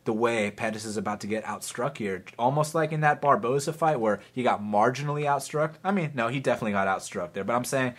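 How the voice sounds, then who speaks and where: Excitable, profane man talking fight picks. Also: mid-range voice, fast, few pauses. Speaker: podcast co-host. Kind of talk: casual fight-betting chat.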